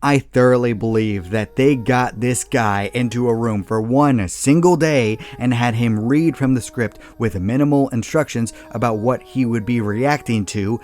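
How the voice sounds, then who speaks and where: A man's voice: mid-range voice, normal speed, hardly any pauses, a little mellow. A man giving a scripted comedic movie review, talking in a sarcastic and exasperated way as he tears into a film.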